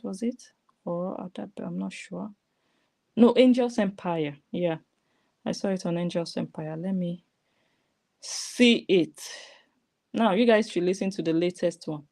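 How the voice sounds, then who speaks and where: A woman's voice: lowish voice, gravelly, warm tone. Mocking woman commentator. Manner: mocking and scolding. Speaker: online commentator. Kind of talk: reaction commentary.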